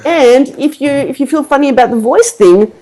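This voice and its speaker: A woman hosting a marketing podcast in casual chat, animated and rambling with fillers, laughing often. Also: high voice, low-quality recording. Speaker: podcast host, marketing coach.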